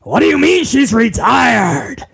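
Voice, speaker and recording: A man doing a mocking impression of a blustering old male company boss who shouts orders. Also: extremely high pitch, sing-song, slow pace, exaggerated voice. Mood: gleeful shouting. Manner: shouting, raspy, gleeful bellowing.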